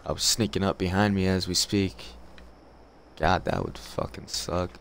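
A man giving profane, excitable commentary on his game as a channel host, yelling when things go wrong. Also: low-pitched, moderate pace, vocal fry, slight background noise. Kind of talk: let's play commentary. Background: game music.

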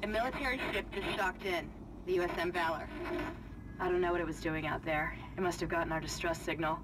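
Woman voicing a brisk ship tech barking orders over comms, far off and noisy, game audio. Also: on the low side, fairly even intonation, natural voice. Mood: urgent. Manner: brisk, businesslike instructions.

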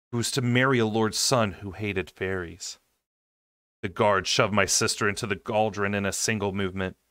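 Low-voiced man reading a novel aloud. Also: a bit bright, no room sound, clean studio sound. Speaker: amateur audiobook reader.

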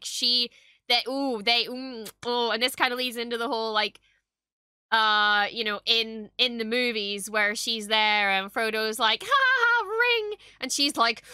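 A young woman reacting to a show in excited, gushing casual chat, swearing often. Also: on the high side, clean tone, dry recording, studio quality. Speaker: reaction streamer.

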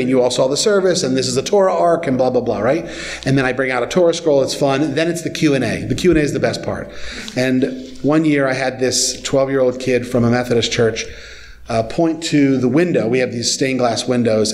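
A man giving a guest sermon as a rabbi in a church sanctuary, teaching in a conversational, animated storytelling way with frequent asides to the congregation. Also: mid-range voice.

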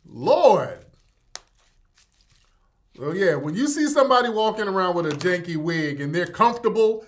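Animated laughing male show host. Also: high-pitched. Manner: laughing, mocking, animated ad reads. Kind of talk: casual live commentary.

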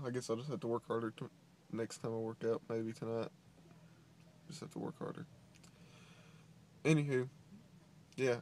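A young man films his day on a handheld camera, talking from his parked car and around campus. He rambles in a casual, unpolished way, full of fillers and restarts. His voice sits at an ordinary middle pitch, with light background hiss. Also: a little mellow. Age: young adult. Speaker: vlogger. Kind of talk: casual daily vlog.

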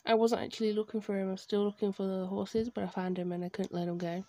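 A woman chatting casually over her gameplay from her bedroom at home, gushing and excitable as she talks. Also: medium pitch, fast, slight background noise. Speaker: video game streamer.

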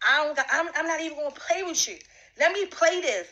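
A woman speaks in a high, bright voice, confronting someone directly. She talks in an emphatic, repetitive way, coming back to the same demands again and again. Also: lively intonation, a little fast, slight background noise, low-quality recording. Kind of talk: direct-address accusation.

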